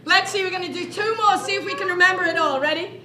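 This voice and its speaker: A woman's voice: very high-pitched, fast talker, sharp tone, slight background noise. A woman storyteller leading children in an upbeat chanting memory game. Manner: upbeat, leads group chants and clapping. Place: library room. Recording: echoey room.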